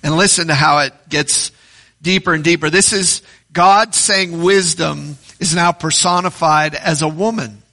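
Bright, gravelly-voiced preaching man. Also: a little high, fairly even intonation, a little slow. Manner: reads scripture aloud, asks the congregation questions. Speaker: pastor. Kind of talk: sermon.

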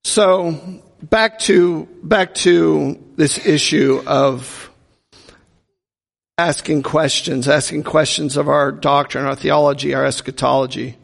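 A man's voice: on the high side, steady tone, takes it slowly, creaky. A male pastor preaching a sermon with humorous storytelling, acting out the voices of the people in his stories. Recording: long reverb from a large hall.

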